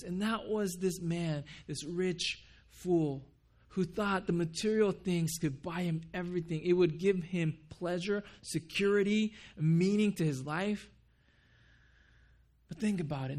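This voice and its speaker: A man preaching a sermon as pastor in a church, earnest, asking the congregation questions and repeating words for emphasis. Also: a little high. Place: church building.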